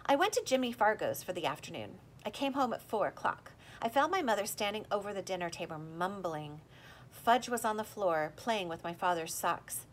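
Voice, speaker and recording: A woman narrates a children's book aloud with a lively, expressive read. Her pitch moves a lot from line to line. A faint low rumble sits under the recording. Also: normal speed. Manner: lively, expressive reading, voicing the characters. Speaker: audiobook reader. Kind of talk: storybook narration with character voices.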